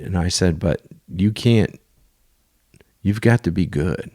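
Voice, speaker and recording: A man's voice: low voice, slow pace, mellow, husky, no room sound, studio quality. A man hosting a podcast, telling a sailing story in a casual, rambling way with crude asides.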